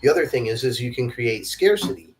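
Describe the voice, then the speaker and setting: A man's voice: medium pitch, animated, brisk, soft background music. A man hosting a podcast in casual conversation, swearing freely and filling his talk with "you know" and "like". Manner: casual and profane, stacks fillers like "you know" and "like". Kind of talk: casual chat. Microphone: remote call mic.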